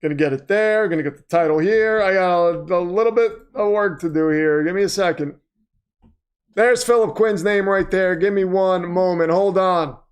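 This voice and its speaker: A man hosting a casual livestream, chatting and commentating, flustered at times and prone to excited outbursts. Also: high voice, normal speed, clear, resonant tone. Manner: flustered, self-deprecating, breaks into excited shouts. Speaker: livestream host.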